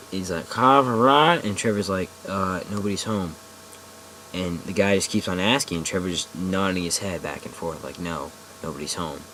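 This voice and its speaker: A young man with a low voice tells a scary story to the camera. He rambles, backtracks and swears as he goes. A faint hiss sits under the recording. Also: poor audio. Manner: rambling, full of "like" and restarts, swears often. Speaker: vlogger.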